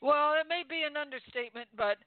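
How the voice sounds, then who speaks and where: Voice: sits high, fast, dry recording. A co-host on a radio show, joining the casual chat with blunt, joking banter. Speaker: co-host on the line. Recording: tinny phone-line audio.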